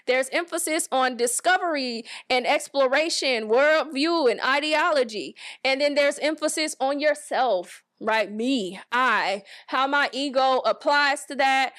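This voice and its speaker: A woman's voice: high-pitched, fairly bright tone. A young adult woman giving a casual monthly horoscope reading, chatty, often circling back with "right?" and "so again". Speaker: astrology reader.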